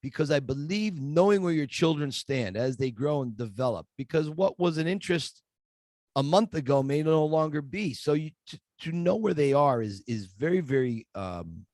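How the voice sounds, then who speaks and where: A middle-aged man, a guest in a podcast interview, telling stories in a lively way and acting out the voices of people he quotes. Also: a little high, normal speed, no room sound.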